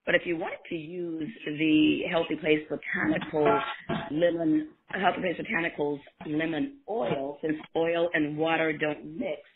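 A man from South Carolina calling in, friendly and fast-talking, asking polite questions. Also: a little high, fairly even intonation. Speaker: caller. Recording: tinny phone line with faint noise.

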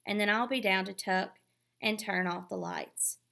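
A woman's voice: mid-range voice, steady tone, a little slow, gravelly, pushed and bright. A woman doing a weary, worried mom. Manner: weary, firm. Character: tired, worried mother of two.

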